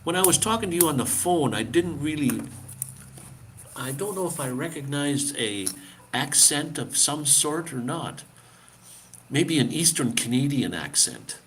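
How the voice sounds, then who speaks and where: A man's voice: a little high, sing-song, a little slow, fairly bright tone, a little hiss or hum. A man chatting casually on a live stream, answering viewers, laughing often and restarting his sentences. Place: living abroad in the Philippines.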